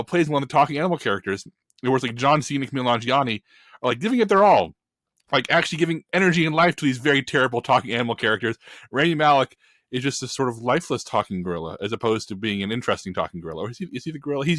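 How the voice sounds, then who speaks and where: A man on a film podcast panel, ranting in an animated, emphatic and opinionated way in casual chat. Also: mid-range voice, rapid-fire, dry recording, clean studio sound.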